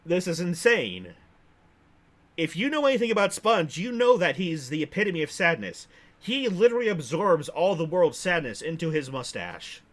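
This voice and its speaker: A young man hosting casual game commentary, relaxed and amused, chuckling often. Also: a little high, normal speed. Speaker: host.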